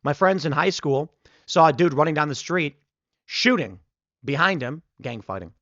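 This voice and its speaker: Chicago guy ranting on his show, kinda high voice, dead dry dull mic. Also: expressive, normal speed, fairly bright tone, no echo. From United States. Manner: rambling storytelling, acts out quotes. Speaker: commentary show host. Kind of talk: political commentary monologue.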